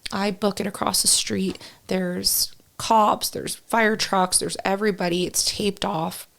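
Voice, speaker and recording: A woman's voice: mid-range voice, fairly even intonation, unhurried, gravelly, fairly bright tone. A young woman guest on a podcast, telling a painful personal story in a raw, rambling way full of "like.". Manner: raw, rambling, full of "like" and quoted self-talk.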